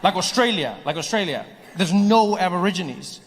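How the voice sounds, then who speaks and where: Animated male stand-up comic, echoing hall. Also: sits high, moderate pace, slight background noise. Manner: animated storytelling, playful. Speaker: stand-up comedian. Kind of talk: stand-up comedy set. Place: live comedy venue.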